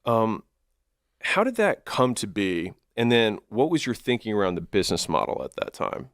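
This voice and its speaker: A man's voice: lowish voice, sing-song, normal speed, a bit bright, no room sound, studio quality. A man hosting an interview, asking questions in a casual, hesitant way. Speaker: interview host.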